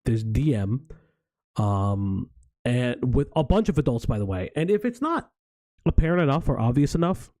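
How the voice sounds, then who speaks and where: A man with a dark, mellow voice gives heated commentary as a stream host. He swears freely and keeps climbing into exasperated, disbelieving outbursts. The sound is dry and close. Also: mid-range voice, big pitch swings, moderate pace, no room sound. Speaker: stream host reacting to a video.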